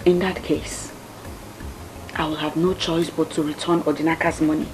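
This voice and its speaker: A woman's voice: low voice, little pitch movement, moderate pace, background noise, close to an everyday voice. A woman plays an earnest daughter reasoning with her parents. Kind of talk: film drama acting.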